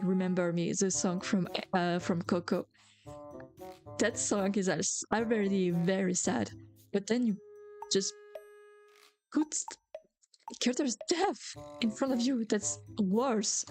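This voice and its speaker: A woman's voice: mid-range voice, measured pace, darkish tone, faint music behind. A young adult woman, a native French speaker, chatting casually on a stream, rambling with lots of filler words and giggles. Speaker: VTuber streamer.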